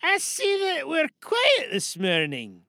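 A man's voice: very high-pitched, huge pitch swings, takes it slowly, sharp tone, no room sound, studio quality, exaggerated voice. A man voicing a brusque, impatient male director, barking orders in an audio comedy sketch.

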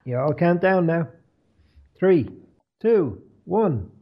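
A man co-hosting a podcast watch-along, dropping dry, jokey asides in a husky voice. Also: fairly high pitch, sing-song, slow, highs cut off, a little hiss or hum. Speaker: podcast co-host. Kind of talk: casual commentary while watching an episode.

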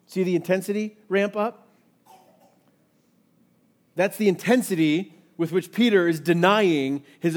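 High-voiced man preaching a sermon. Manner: reads scripture aloud, acts out quotes with rising intensity. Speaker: pastor. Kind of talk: expository sermon.

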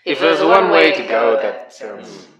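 A man playing a stilted, deadpan villain. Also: medium pitch, measured pace, highs cut off, a loud crowd, natural voice. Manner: stilted formal phrasing, deadpan. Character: stiff, self-serious male villain, formal. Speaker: game designer character.

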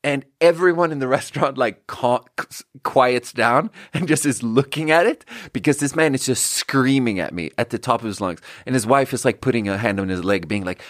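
A man's voice: mid-range voice, sing-song, moderate pace, fairly bright tone, no room sound, clean studio sound. A man hosting a podcast, telling a rambling, profane, self-amused story in a casual way. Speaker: podcast host.

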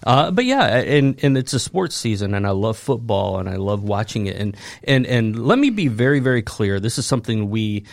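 A man with a lowish, gravelly voice talks through a Bible verse in relaxed podcast chat. He tells stories with energy and laughs at his own jokes. The sound is close and dry, with no room around it. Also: moderate pace, few pauses, no room sound. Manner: animated storytelling, laughs at himself. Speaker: pastor who preached the sermon series. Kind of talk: casual podcast chat about scripture.

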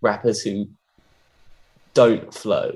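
Deep-voiced man musing hesitantly. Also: flat delivery, extremely slow, darkish tone. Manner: hesitant, filler-heavy, searching for words. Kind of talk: casual conversation about poetry and rap.

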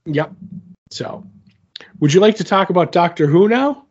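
A man's voice: high voice, expressive, moderate pace, slightly rough, muffled recording. A man casually recapping a TV episode in a loose, rambling way, full of fillers. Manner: rambling, filler-heavy retelling. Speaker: podcast co-host.

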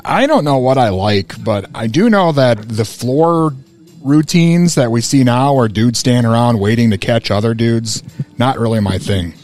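A man's voice: medium pitch, expressive, measured pace, darkish tone, faint music behind. A man co-hosting a casual podcast, making dry, wry remarks. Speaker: podcast co-host.

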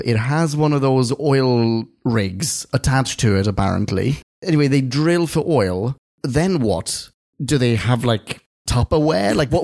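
A man co-hosting a podcast in casual chat, excitable and prone to laughing. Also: mid-range voice. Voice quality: animated, giggly, excitable. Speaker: podcast co-host.

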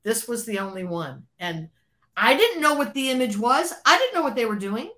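A woman being interviewed, telling an animated story, laughing often and acting out what others said. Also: on the high side, normal speed. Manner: animated, acts out quoted voices, laughs often. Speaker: interview guest, former record label creative executive.

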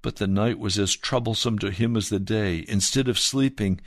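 Earnest male pastor preaching in a dry room. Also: dry recording. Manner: earnest, measured preaching, dropping soft and low for emphasis. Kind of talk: sermon reading and preaching.

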